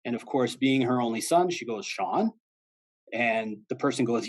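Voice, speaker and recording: A former police officer gives a relaxed, conversational talk on fraud prevention. His voice is husky and sits at an ordinary male pitch. He slips into the callers' voices when he tells stories. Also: normal speed, rough recording. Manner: conversational and plain-spoken, acts out quoted callers. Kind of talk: informal educational presentation.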